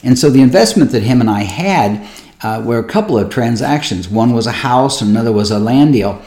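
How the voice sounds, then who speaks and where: A man's voice: fairly quick, echoey room. A man preaching as a pastor, telling personal stories in a conversational way and acting out the people he quotes. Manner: conversational, acts out quoted voices with lively pitch jumps. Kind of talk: sermon storytelling.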